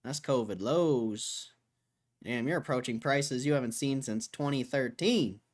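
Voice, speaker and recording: Slow, laid-back male streamer, chats loosely and mutters over charts. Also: mid-range voice. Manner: loose, muttering to himself while reading charts. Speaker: stock market livestreamer. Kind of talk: casual livestream chat.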